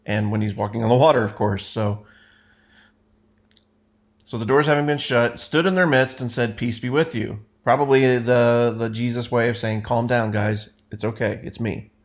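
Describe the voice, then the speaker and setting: A man's voice: medium pitch, normal speed. Man teaching a casual Bible study. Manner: conversational, self-correcting, explains as he reads.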